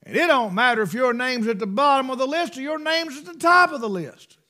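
A preacher man in the middle of his sermon, his voice pitched high for a man and leaping all over the place. He swings from loud, fervent bursts down to hushed asides. He sounds middle-aged. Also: animated, a little fast.

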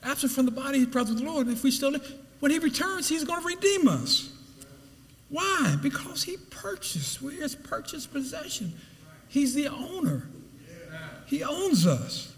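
A man's voice: sing-song, moderate pace, long reverb tail. A man preaching a sermon as pastor, building with emphatic repeated phrases. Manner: preaching with rising pitch and emphatic repetition.

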